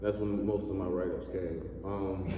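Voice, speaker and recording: A man in his thirties doing a stand-up comedy set, telling sarcastic, profane stories and jumping his pitch up when he acts out what he said. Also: little pitch movement, dark tone, a little hiss or hum. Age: 30s. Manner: profane, sarcastic storytelling with quick pitch jumps. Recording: echoey hall, mic far off.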